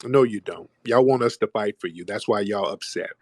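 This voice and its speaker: A man hosting a call-in audio show, arguing forcefully with callers, repeating himself and cutting them off. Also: on the low side, normal speed, dry recording, studio quality. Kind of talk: argumentative call-in talk.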